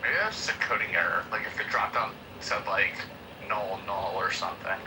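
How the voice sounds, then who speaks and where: A man's voice: fairly low pitch, moderate pace, background noise. A man joining a casual podcast chat with wry, joking interjections.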